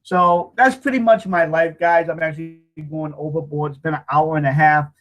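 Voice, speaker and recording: Man in his fifties, high voice, earnest, rambling webcam talk. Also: fairly even intonation, normal speed, fairly bright tone. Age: 50s. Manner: rambling, earnest, repeats himself. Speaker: marketing hangout host. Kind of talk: casual heartfelt monologue.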